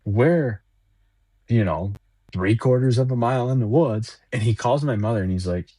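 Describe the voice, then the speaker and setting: A man's voice: lowish voice, normal speed, warm tone, no echo. A man, a podcast guest, telling a long hunting story casually, rambling and repeating words as he acts out what others said.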